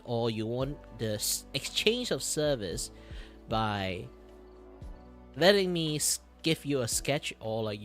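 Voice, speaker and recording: A man streaming while he draws, talking in a rambling, animated way, swearing, laughing and breaking into loud outbursts. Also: mid-range voice. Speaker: streamer and artist. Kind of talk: casual live-stream chat while drawing.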